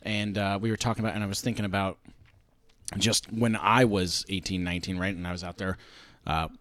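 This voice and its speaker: A middle-aged man co-hosting a casual podcast chat, telling stories with lots of swearing and acting out quotes loudly. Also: deep voice, a little fast, no echo. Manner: animated storyteller, swears, acts out shouted quotes. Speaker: podcast co-host.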